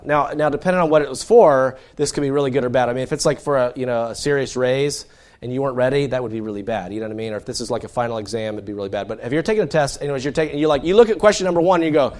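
A middle-aged pastor preaches a sermon, moving from quiet, low asides to loud, animated emphasis.

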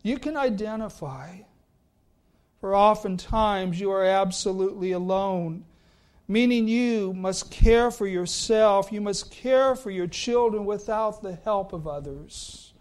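Slow, high-voiced male preacher. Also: darkish tone. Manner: slow, deliberate, voice sinking low at phrase ends. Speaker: pastor. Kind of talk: sermon.

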